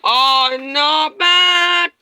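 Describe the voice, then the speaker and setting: High-voiced woman doing a plush toy skit, lots of dramatic screams, slow drawn-out talk, super bright sound. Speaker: plush toy video narrator.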